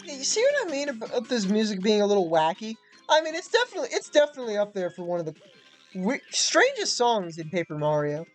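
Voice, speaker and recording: A woman's voice: medium pitch, very animated, quick pace, faint music behind. A young woman giving casual, chatty commentary over a video game, with lots of fillers and giggly asides. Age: young adult. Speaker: let's play host.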